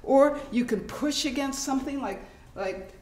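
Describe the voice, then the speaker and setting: A woman presenting a live workshop in a hospital meeting room, animated and demonstrative, acting out sounds and inner voices as she teaches. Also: high-pitched, moderate pace. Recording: echoey room, faint background noise.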